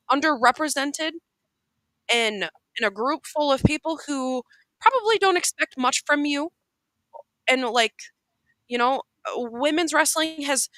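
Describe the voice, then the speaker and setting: A woman's voice: sits high, bright, forceful tone, no room sound, low-quality recording. A woman co-hosting a casual podcast chat, heartfelt and emphatic, often restarting her sentences. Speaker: co-host.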